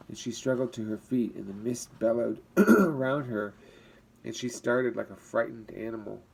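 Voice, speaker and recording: Low, mellow man reading a storybook. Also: moderate pace, gravelly, poor audio. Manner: expressive, voices the characters. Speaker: teacher reading to children. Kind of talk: reading a chapter book aloud.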